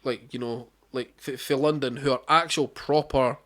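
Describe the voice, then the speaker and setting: A man's voice: mid-range voice, fairly even intonation, moderate pace, a bit bright. A young Scottish man hosting a casual chat, sweary and rambling, full of fillers and restarts. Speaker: podcast host.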